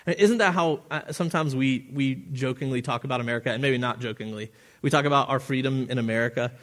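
A man's voice: medium pitch, quick pace, a bit bright. A man preaching a sermon as pastor, earnest and often restarting his phrases, with the odd chuckle at his own asides.

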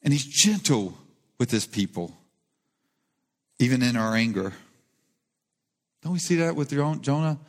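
In the long-reverb acoustics of a church hall, a male pastor preaches in an earnest, conversational way. His mid-range voice is expressive and unhurried, broken by long pauses, and it rises to stress key points.

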